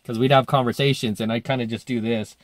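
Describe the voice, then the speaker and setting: A man's voice: mid-range voice, steady tone, fast, no room sound, clean studio sound. A man coaching dating, telling a story in a casual monologue, full of fillers, and acting out the voices he quotes.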